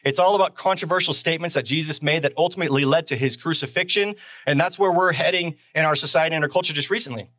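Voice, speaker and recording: A man's voice: fairly high pitch, quick pace, fairly bright tone, no room sound. A man preaching a sermon as pastor on a live stream, talking conversationally and driving points home with repeated phrases and rhetorical questions.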